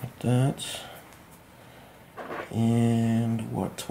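Slow gravelly-voiced hobbyist man. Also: mid-range voice, slight background noise. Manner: relaxed, thinking aloud, self-deprecating. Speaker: model builder. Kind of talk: hands-on build tutorial. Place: home workshop at night.

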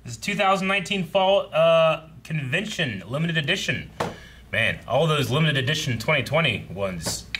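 A man co-hosting a casual chat, excitable and playful. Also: on the high side, normal speed. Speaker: co-host. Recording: noisy room recording.

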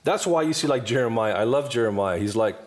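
A man in his fifties speaks as a guest minister, with the repetitive, emphatic cadence of a preacher even in conversation. His pitch swings widely from phrase to phrase, and he hammers his points home with repeated lines. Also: fast. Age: 50s. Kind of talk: preaching-style table talk.

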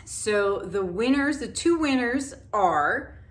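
A woman's voice: mid-range voice, expressive, a little slow, fairly bright tone. Chatty middle-aged woman hosting a craft channel. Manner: chatty, thankful, loose with fillers. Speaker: acrylic pour painting channel host. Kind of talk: casual chat to viewers.

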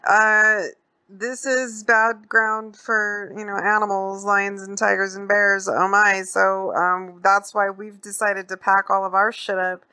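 A woman's voice: medium pitch, little pitch movement, slow, pushed and bright, clean tone, no echo, pitched above the performer's own voice. A woman voicing a grizzled old male prospector while retelling a movie scene in her own casual words. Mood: sly. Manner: folksy, playful retelling of movie lines.

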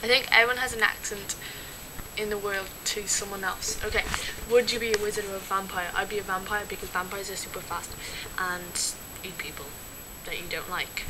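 A young woman from Dublin with a clear Dublin Irish accent, chatting her way through an accent challenge. She giggles and fills gaps with "um," and her voice sits at an ordinary middle pitch. The home recording has steady background noise and some clicks. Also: fairly quick. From Dublin, Ireland. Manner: chatty, giggly, scattered with fillers. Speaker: vlogger. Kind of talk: casual word-list accent challenge.

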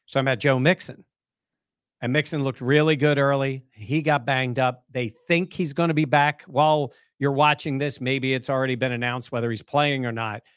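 A man co-hosting a sports talk show, breaking down the game in casual, animated conversation. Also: medium pitch, moderate pace, smooth, no room sound, clean studio sound.

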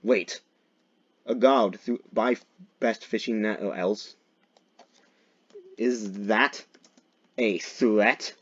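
A man's voice: lowish voice, fairly even intonation, extremely slow, pauses often, slightly rough, muffled recording. Young man doing joking game commentary. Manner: jokey, swings into loud mock-dramatic shouts. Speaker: gaming video creator. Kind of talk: gameplay commentary.

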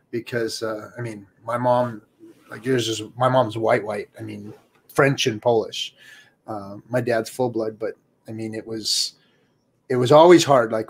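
A man in a casual panel discussion, talking emphatically and repeating points for stress. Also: medium pitch. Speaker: host. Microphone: video call.

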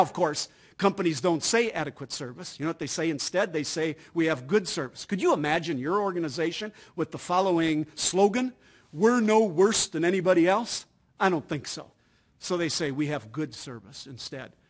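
A middle-aged man from the United States giving a business training talk on customer service, telling anecdotes with emphasis. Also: fairly high pitch.

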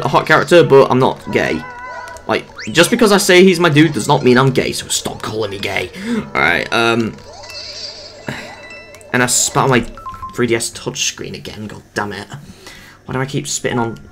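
A young gameplay commentator rambles loosely through a platform game in a casual let's play. His pitch swings widely from low mutters to high yelps, full of swearing and silly asides, with quiet game music behind him.

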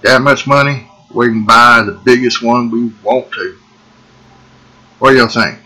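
A man giving folksy, excitable gameplay commentary and calling the viewers folks. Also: medium pitch, unhurried, rough recording. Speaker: gaming video host. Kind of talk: casual let's-play commentary.

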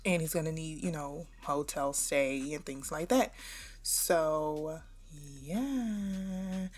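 A woman's voice: sits low, slow, darkish tone. Chatty woman narrating a life-sim game. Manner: chatty, talks straight to viewers. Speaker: gaming channel host. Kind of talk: casual gameplay commentary.

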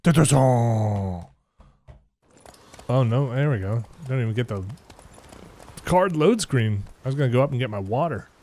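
A man's voice: medium pitch, expressive, brisk, warm tone. A young man giving loose, chatty commentary while playing a video game, swearing now and then. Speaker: game streamer. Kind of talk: casual let's play commentary.

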